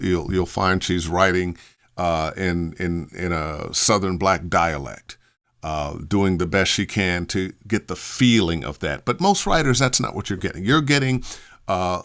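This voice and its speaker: A middle-aged man giving voice acting advice in a relaxed, thinking-aloud way, full of fillers and restarts. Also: low voice. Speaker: voice acting coach answering questions. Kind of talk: casual advice talk.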